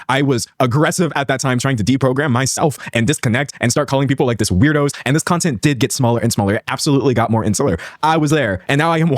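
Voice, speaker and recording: A man's voice: medium pitch, no room sound, clean studio sound. A man in his twenties giving reaction commentary on a video, incredulous and sarcastic. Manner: incredulous, sarcastic, rapid-fire. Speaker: commentary creator.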